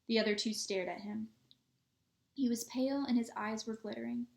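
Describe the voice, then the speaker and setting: A woman narrates a storybook in a steady reading voice. Her pitch sits a little high. The recording carries a noticeable room echo. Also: normal speed, vocal fry. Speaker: reader. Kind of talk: audiobook reading aloud. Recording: echoey room.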